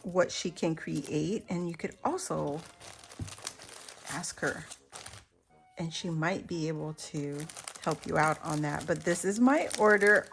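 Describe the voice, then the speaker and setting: A woman's voice: fairly low pitch, a little slow, gravelly, a little hiss or hum. A woman showing off handmade crafts she got in the mail, gushing over every piece with lots of gasps and exclamations. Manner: gushing, exclaims and gasps often, laughs between lines. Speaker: crafting YouTuber. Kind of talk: unboxing a craft haul.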